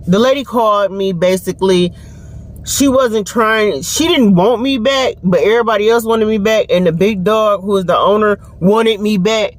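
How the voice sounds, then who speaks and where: A young woman talks into her phone camera in a loose, storytelling vlog. Her pitch swings widely as she laughs and acts out other people's lines, swearing freely. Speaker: vlogger. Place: home and car.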